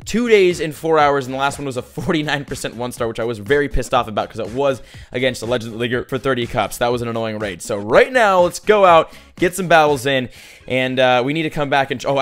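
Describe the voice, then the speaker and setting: A young man commentating his mobile strategy game play as a YouTuber, excitable and prone to hype shouts. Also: mid-range voice. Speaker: gaming YouTuber.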